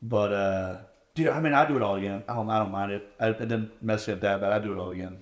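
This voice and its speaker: A man in his thirties talking candidly in a casual interview, animated and acting out voices as he tells stories. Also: fairly low pitch, quick pace, reverberant. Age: 30s. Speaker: interviewed contestant.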